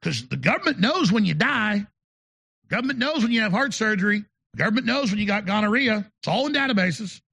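A talk show host delivers an emphatic, rambling monologue, often stumbling back over his own words. His high voice is rough with heavy gravel and a husky edge, and he sounds very animated, brisk, pushed and bright.

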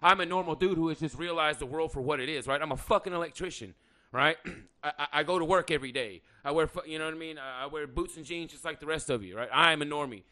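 A man's voice: fairly high pitch, quick pace, sharp tone. A man hosting a podcast in casual chat, talking in a blunt, profane and rambling way. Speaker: podcast host; electrician by trade.

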